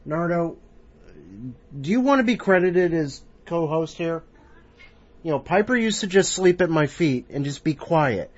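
A man's voice: fairly high pitch, expressive, measured pace. A man hosting a casual podcast, introducing contributors in a rambling, playful, self-mocking way. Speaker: podcast host. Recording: dry, slightly muffled home recording.

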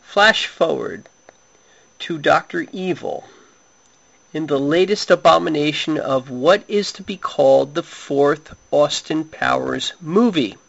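A man reading a comic story aloud in a slow, drawn-out way. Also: lively intonation, vocal fry, fairly bright tone, husky. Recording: dull low-fi recording.

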